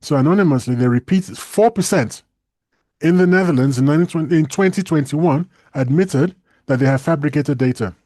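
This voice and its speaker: Chatty podcast guy, kinda high voice, laughs a lot, trips over his words. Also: fairly quick, dry recording, clean studio sound. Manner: chatty, animated, laughs often, stumbles and restarts. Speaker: co-host. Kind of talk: casual podcast discussion.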